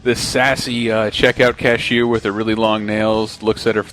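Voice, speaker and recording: A man's voice: fairly low pitch, little pitch movement, normal speed, a bit bright, faint music behind. A man co-hosting a casual video game podcast, joking, laughing and swearing as he talks. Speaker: podcast co-host. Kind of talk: casual chat about video games.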